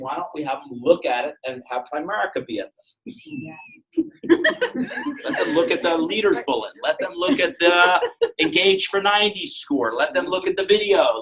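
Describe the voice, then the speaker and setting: A man giving a joking, animated motivational sales talk to a live audience, acting out little dialogues. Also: sits high, rough recording. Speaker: motivational speaker.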